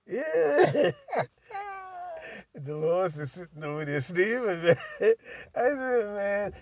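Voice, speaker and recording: A man's voice: high-pitched, slow. Older man telling a rowdy tale. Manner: animated, profane, laughs through story. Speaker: storyteller. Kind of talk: casual storytelling.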